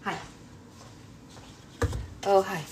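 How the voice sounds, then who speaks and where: A woman's voice: very slow, heavy background noise. A woman in her thirties chatting casually in a vlog as a mom, exclaiming and laughing at herself, switching to sing-song baby talk for her infant. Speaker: mom vlogger.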